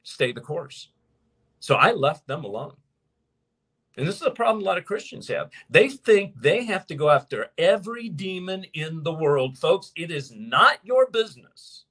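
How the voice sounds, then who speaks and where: A man preaching and teaching to his viewers as host of his show, emphatic, slowing down to stress points. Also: on the high side, husky. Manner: animated and emphatic, slows down to stress key points. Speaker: preacher hosting a live show. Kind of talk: sermon-style teaching to a live audience.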